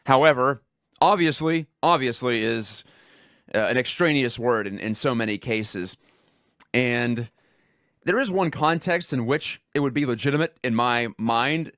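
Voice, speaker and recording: A man's voice: medium pitch, expressive, measured pace, a bit bright, no echo, studio quality. A man hosting a radio talk show, rambling in a conversational way and laughing at himself. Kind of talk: casual radio talk monologue. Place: radio studio.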